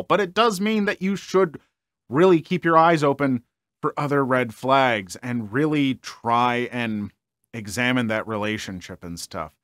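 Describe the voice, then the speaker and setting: A man's voice: medium pitch, unhurried, fairly bright tone, no room sound, clean studio sound. Casual young man reading stories. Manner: casual, rambling, many fillers. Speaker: story reader and commentator.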